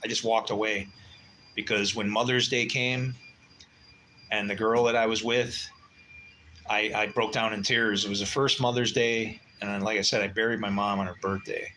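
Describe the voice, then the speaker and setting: A man in his sixties talks casually on a livestream, rambling from one story to the next with blunt, swearing asides. His voice sits low but has a hard, bright edge to it. A faint background hum sits under the talk. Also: little pitch movement, moderate pace, low-quality recording. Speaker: livestream host.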